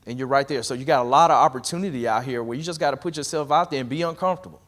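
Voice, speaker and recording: A man giving a live workshop talk on real estate investing to a room, energetic and conversational, coaching the audience directly. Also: mid-range voice, rapid-fire.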